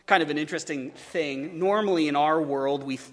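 A man's voice: a little high, a little fast, big-room sound. A man preaching a sermon as a pastor, conversational, with stumbling repeats and joking asides.

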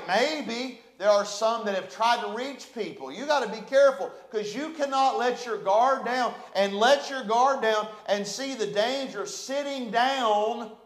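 A man's voice: sits high, reverberant. A man preaching a sermon as pastor, fervent and repetitive with emphatic delivery.

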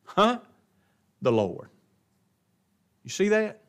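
A man preaching a sermon, swinging between loud emphatic stresses and quiet asides, often asking the congregation questions. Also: mid-range voice, sing-song, normal speed.

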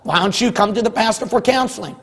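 A man from California preaching a sermon as pastor of his church, hammering one phrase over and over and rising into shouts. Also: sits high, quick pace, big-room sound. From California, USA. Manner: forceful, repetitive exhorting, rising to shouts.

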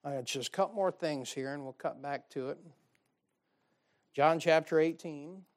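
A man's voice: fairly high pitch, moderate pace. A man preaching a sermon in a folksy, emphatic way, with many asides to his listeners. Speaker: pastor.

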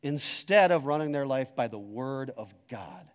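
A man preaching a sermon as pastor, emphatic, swinging between loud declarations and hushed, quiet stretches. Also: medium pitch, expressive, unhurried, hardly any pauses, in a large hall.

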